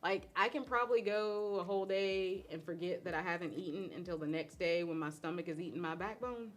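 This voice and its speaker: A middle-aged woman, chatting casually on a live stream as a host and cook, animated and laughing often. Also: on the low side, a little fast, slight background noise. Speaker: host and cook answering viewer questions.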